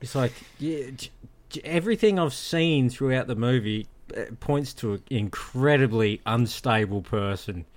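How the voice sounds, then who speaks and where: A man's voice: mid-range voice, animated, normal speed. A man co-hosting a podcast, joking and swearing in casual film chat while voicing the characters. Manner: sweary, jokey, voices characters. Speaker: podcast co-host.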